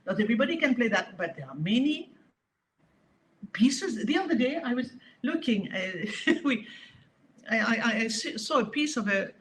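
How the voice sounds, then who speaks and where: A woman with a French accent, a harp teacher speaking in a casual interview, talking in an animated, emphatic way with frequent restarts. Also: fairly high pitch, normal speed, slight background noise.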